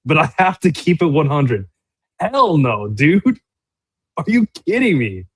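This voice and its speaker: A man co-hosting a casual football livestream, exasperated and ranting in a lively way. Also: a little high, measured pace, husky, no echo. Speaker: co-host.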